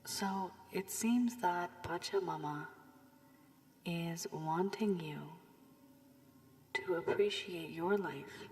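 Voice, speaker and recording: A woman giving a tarot reading with advice, her voice worn from illness, speaking softly and often half-whispering. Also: lowish voice, slow, long pauses. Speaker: tarot reader. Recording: long room reverb, faint background hiss.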